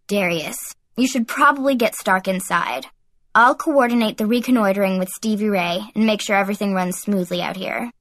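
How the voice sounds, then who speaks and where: A pompous young man, voiced by a woman narrator, talks down to everyone around him. His voice is lower than hers and recorded dry. He sounds sure he is in charge. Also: normal speed, fairly bright tone, no echo, lightly acted. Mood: bossy. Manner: condescending, pompous.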